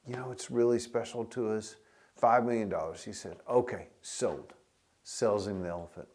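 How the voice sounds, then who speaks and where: A pastor preaching a sermon, telling stories in a loose conversational way with restarts, and getting loud when he reads scripture. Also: on the low side, fairly even intonation, normal speed.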